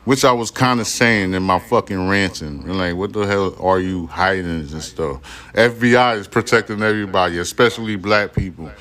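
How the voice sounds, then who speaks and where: Male podcast host, very low voice, reads articles aloud and rants with lots of swearing. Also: moderate pace, fairly bright tone. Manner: profane, irritated ranting between read passages. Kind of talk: reading news aloud with angry commentary.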